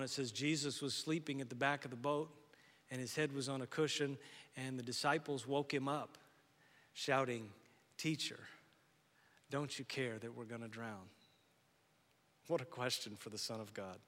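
Bright-voiced male pastor in a reverberant hall. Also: on the high side. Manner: swings from loud urgent preaching to soft, hushed encouragement. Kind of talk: sermon.

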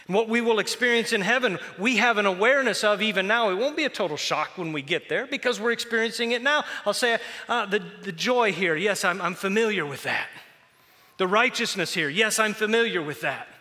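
A man preaching a sermon to a congregation, animated and joking as he tells stories. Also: high voice, brisk, big-room sound. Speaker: pastor.

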